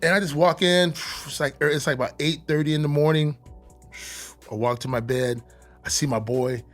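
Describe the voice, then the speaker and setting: A man in his fifties from Atlanta, a podcast guest telling a story in a casual, animated way, laughing and swearing often. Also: fairly high pitch, normal speed, faint music behind. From Atlanta, USA. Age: 50s.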